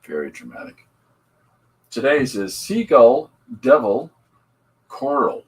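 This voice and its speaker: Husky man chatting casually on a stream. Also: medium pitch, big pitch swings, takes it slowly, low-quality recording. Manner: rambling, upbeat, greets viewers. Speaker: podcast host and comic artist. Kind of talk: casual livestream chat.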